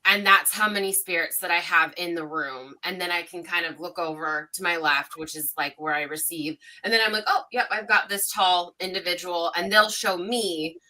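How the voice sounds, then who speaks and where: Very bright-voiced woman, animated, chatty, doing little voices for people in her stories. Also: on the low side, normal speed, few pauses. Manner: animated, acts out dialogue with rising voice. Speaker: psychic medium. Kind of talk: casual storytelling on a livestream panel.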